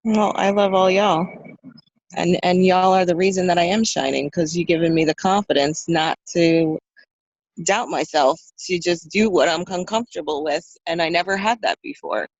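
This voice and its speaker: A woman's voice: fairly low pitch, normal speed, dry recording, highs cut off. A woman on a team call, talking frankly and casually. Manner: frank, casual, says "y'all".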